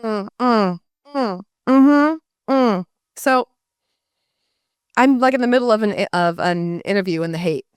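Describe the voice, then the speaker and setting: A woman telling a story to a live audience in a casual, animated way, often slipping into voices for the people she quotes. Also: mid-range voice, a little slow, long pauses, clear, resonant tone, dry recording, clean studio sound. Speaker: guest speaker.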